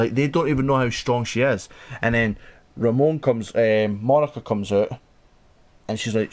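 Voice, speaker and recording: A Scottish man co-hosting a podcast in casual chat, animated and sweary, thinking aloud as he talks. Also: medium pitch, normal speed. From Scotland. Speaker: podcast co-host.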